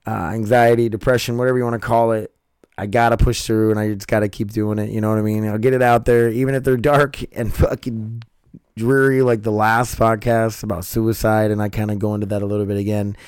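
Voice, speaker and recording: A man's voice: lowish voice, little pitch movement, a little fast, darkish tone, smooth, no room sound, studio quality. A man hosting his own podcast, talking casually and rambling with a scratchy, strained throat, swearing and cutting himself off. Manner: rambling, profane, self-interrupting. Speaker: podcast host. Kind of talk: casual late-night monologue.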